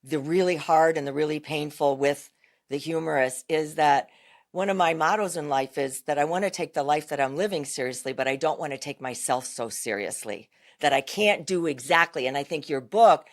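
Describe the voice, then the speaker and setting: A woman co-hosting a podcast, speaking earnestly and reflectively as she thinks aloud. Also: low voice. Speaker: podcast co-host. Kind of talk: casual podcast conversation.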